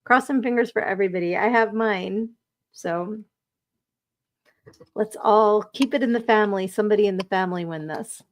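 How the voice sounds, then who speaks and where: Woman host on a live stream, chatty and giggly, reading comments out loud. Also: mid-range voice, normal speed. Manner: chatty, reads viewer comments aloud, giggly. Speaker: podcast host. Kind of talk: casual live-stream chat.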